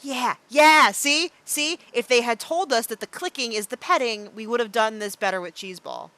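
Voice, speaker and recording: A young woman streaming a game, chatting playfully and thinking out loud with plenty of fillers. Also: fairly high pitch, normal speed. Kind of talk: casual live-stream game commentary.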